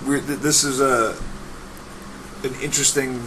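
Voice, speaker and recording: A man with a mid-pitched voice telling a lively, profane story in a casual podcast chat. There is steady background noise behind him throughout. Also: measured pace, poor audio. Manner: animated storyteller, swears freely. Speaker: podcast host.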